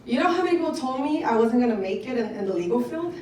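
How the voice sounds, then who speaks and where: A young woman gives a testimonial at a business event and talks straight to the crowd in a lively, chatty way. Her voice sits a little high. She is picked up from a distance in a very echoey hall with a faint hum of ambience behind her. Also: racing. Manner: excited, conversational, addresses the audience directly. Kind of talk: motivational testimonial speech.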